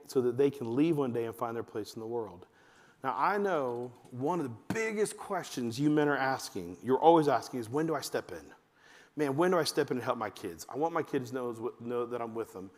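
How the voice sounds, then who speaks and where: A man giving a talk to fathers at church, telling family stories and acting out his kids in a high voice. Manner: animated storytelling, acts out his kids in a high voice. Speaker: men's ministry speaker. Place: church hall. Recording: long hall reverb.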